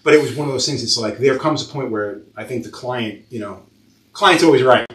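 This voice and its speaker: A man who owns a tattoo shop, hosting a casual podcast chat and telling lively stories full of swearing. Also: medium pitch, a little fast. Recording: roomy sound, far from mic.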